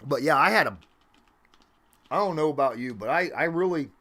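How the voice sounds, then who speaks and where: A man hosting a casual livestream from his home, rambling with lots of fillers and swinging up and down in pitch and loudness. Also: lively intonation, moderate pace. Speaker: livestream host.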